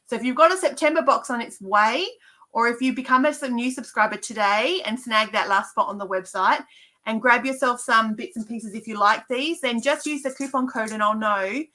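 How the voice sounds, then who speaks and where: A woman's voice: on the high side, sharp tone, rough recording. A woman who runs a craft shop, chatting casually and gushing over new papercraft stock during a live product show. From Australia. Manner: gushing, enthusiastic.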